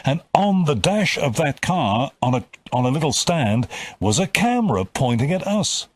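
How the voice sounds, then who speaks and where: A man's voice: fairly high pitch, very animated, normal speed, slight background noise. A man from the UK hosting an interview, chatty and given to repeating and restarting words. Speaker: interviewer and host. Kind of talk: casual interview chat.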